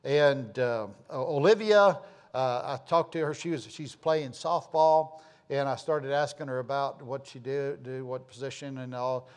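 A man's voice: medium pitch, fairly even intonation, a little slow, clear, resonant tone. A man pastor telling folksy stories and announcements in church, rambling with many fillers and restarts. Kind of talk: informal sermon announcements and storytelling.

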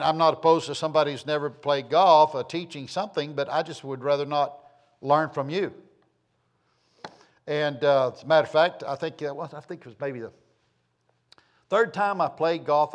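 A man preaching a sermon, a folksy, rambling storyteller who repeats phrases for emphasis. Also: medium pitch. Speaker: pastor.

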